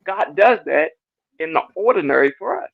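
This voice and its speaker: A man sharing a casual church testimony, animated and repetitive, acting out his talks with God. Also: high-pitched, normal speed, gravelly. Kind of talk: casual church panel discussion. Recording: dull lo-fi dry sound.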